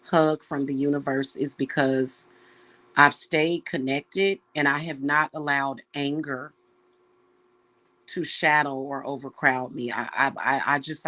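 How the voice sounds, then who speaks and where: A woman's voice: rumbling low, fairly even intonation, fairly bright tone. A woman who works as a witch and reader, talking casually and with feeling to her viewers, calling them y'all. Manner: slow, heartfelt, emotional, addresses viewers as y'all. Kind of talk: casual spiritual talk to viewers.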